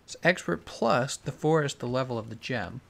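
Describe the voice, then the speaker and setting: A man gives relaxed live-stream commentary as he plays, picking up questions from chat and mulling them over aloud. His voice sits at an ordinary middle pitch with a gravelly, creaky edge. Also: normal speed. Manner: laid-back, reads chat questions aloud and muses on answers. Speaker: game streamer. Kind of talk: casual live-stream commentary while playing.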